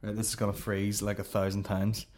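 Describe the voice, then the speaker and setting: A man's voice: lowish voice, completely flat delivery, fairly quick, over loud music. A man hosting a comedy podcast, rambling in profane, sarcastic banter. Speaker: podcast host.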